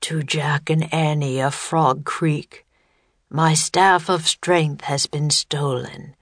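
A woman voicing a huge, gruff, one-eyed bearded wizard who speaks slowly and scornfully in a storybook reading. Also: fairly bright tone, no echo, clean studio sound, exaggerated voice. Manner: booming and slow.

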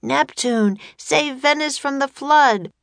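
A woman's voice: high voice, slow pace, gravelly, sharp tone, dry recording, voice pushed up, heavily acted. A woman voicing a cautious, frightened young boy who cries out urgently in a storybook. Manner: raised, urgent crying out.

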